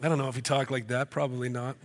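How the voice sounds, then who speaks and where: A man's voice: mid-range voice, level tone, fast, big-room sound. A man preaching a sermon in a conversational way, firing rhetorical questions at the congregation and slipping in joking asides. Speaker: pastor. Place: church hall before a congregation.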